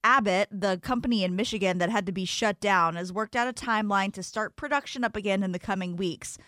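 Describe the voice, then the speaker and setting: A woman co-host reads a morning news segment in an easygoing, conversational manner. Her voice sits at a middle pitch and sounds close and dry, with no room sound. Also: a little fast, bright, forceful tone, no room sound. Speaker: radio co-host reading news. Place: radio studio.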